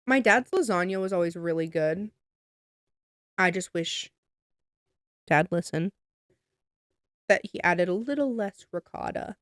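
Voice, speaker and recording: A woman co-hosting a podcast, chatting casually in a soft, agreeable way. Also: mid-range voice, expressive, moderate pace, no room sound, studio quality. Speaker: podcast co-host. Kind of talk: casual chat.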